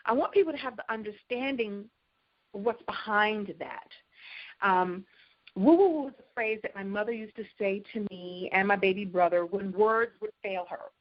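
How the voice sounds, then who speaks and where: Animated woman keynote speaker, lo-fi sound. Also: mid-range voice, normal speed. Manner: animated storytelling, acts out catchphrases. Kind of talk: motivational keynote talk.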